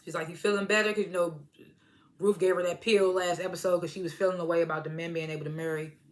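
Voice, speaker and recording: A woman casually recapping a TV episode, in a loose slangy retelling full of "was like" and quick chuckles. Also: on the low side, steady tone. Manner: chuckles between lines. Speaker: TV episode reviewer.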